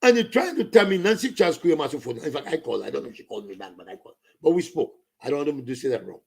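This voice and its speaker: Saint Lucian man, fiery political rant, raised pitch, gravelly edge. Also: lively intonation, racing, darkish tone. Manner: ranting, switching into Creole and French. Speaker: political commentator.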